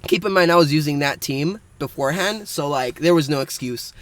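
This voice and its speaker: A man's voice: fairly high pitch, fairly quick, fairly bright tone, no echo. A young man co-hosting a casual podcast, rambling through a story and laughing often. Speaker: podcast co-host.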